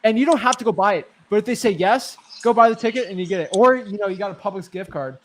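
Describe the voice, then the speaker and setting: A man guest in a casual chat, telling deal stories in an animated way and laughing as he recounts them. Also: high voice, quick pace, slight background noise. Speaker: real estate wholesaler, guest.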